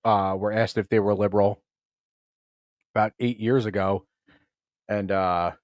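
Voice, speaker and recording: A man with a lowish voice hosts a podcast, talking loosely and swearing freely. He sounds close to the mic in a dry, dead space with no room sound. Now and then he slips into quick offhand impressions. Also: flat delivery, no room sound. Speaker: podcast host. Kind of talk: casual podcast chat.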